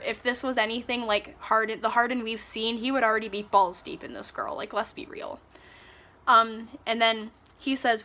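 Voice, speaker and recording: Bright sarcastic woman ranting about a book. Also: on the high side, normal speed. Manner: animated, sarcastic retelling with swearing. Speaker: book reviewer.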